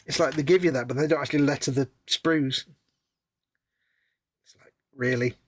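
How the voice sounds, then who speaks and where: A man's voice: a little high, steady tone, quick pace, slight background noise. A man co-hosting a live stream, chatting casually and wryly while building models. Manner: chatty, rambling, wry.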